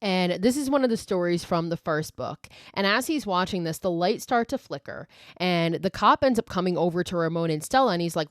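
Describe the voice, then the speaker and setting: Woman podcaster, lowish voice, dry close sound, casual swear-heavy plot recap. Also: brisk, no echo. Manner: chatty and profane, heavy use of "like". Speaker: podcast host.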